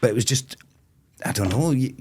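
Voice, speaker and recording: A man's voice: mid-range voice, expressive, a little mellow, breathy edge. Rambling, laughing male festival owner from Scotland. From Moray, Scotland. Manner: rambling storyteller, swears freely, quick laughs. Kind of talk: casual podcast chat.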